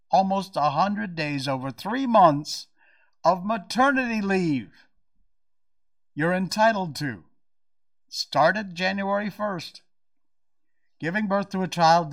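Wry, animated American man hosting a podcast. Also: a little high. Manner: wry, animated, dramatic stretched words. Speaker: podcast host. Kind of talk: casual podcast commentary. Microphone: podcast mic.

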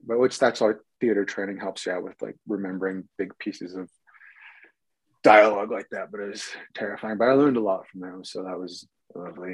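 A man, an actor, telling a casual behind-the-scenes anecdote in an animated way and acting out the dialogue. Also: on the low side, slightly rough, no room sound, rough recording. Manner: animated storyteller, acts out quoted dialogue. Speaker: actor guest.

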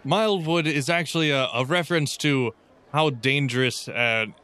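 A man's voice: mid-range voice, moderate pace, pushed and bright, clean tone. A man playing a tabletop roleplay game in character, patiently explaining with a touch of theatre. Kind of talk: in-character improv in an actual play game.

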